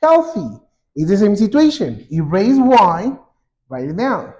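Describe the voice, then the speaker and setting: A man teaching an English grammar lesson, saying example words twice, slowly and clearly. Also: high voice, very animated, a little mellow. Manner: slow and repetitive, drawing out example words.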